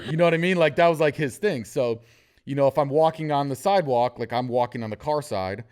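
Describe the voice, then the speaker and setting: A man of ordinary pitch hosts a casual podcast chat. He tells stories with a joking edge and slips into quoted voices along the way. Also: fast, darkish tone, clear, resonant tone. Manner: storytelling, jokey, acts out quotes. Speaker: podcast host.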